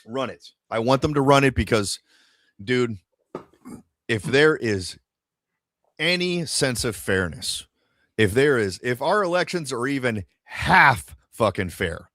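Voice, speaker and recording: Profane ranting podcast host, dry sound. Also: male voice, medium pitch, sing-song, slow pace, fairly bright tone, dry recording. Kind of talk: casual podcast chat.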